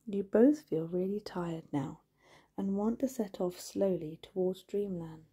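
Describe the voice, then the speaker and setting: A woman narrates a hypnotic bedtime story in a hushed voice that often drops into a whisper. Her tone is very dark and husky, with a gravelly edge. She lingers on every word at a very slow pace. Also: mid-range voice.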